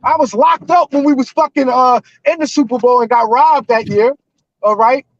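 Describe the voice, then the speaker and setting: A man in his forties calling in to a live show, ranting loudly and emotionally with heavy cursing. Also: extremely high pitch, normal speed, dry recording, lo-fi sound. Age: 40s. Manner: loud, emotional and profane. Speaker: caller. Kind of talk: heated fan rant on a live call-in show.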